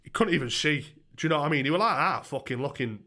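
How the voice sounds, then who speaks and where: A young man tells a story on his livestream, swearing freely and tripping over restarts. His voice sits a little high, bright and forceful. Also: fast talker. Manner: profane, excitable, rambling with many restarts. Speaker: YouTuber streamer.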